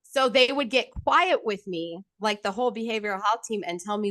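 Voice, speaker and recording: A woman's voice: mid-range voice, brisk, no echo. Blunt, profane woman telling her story. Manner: blunt and profane, animated when quoting others. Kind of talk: candid conversational storytelling.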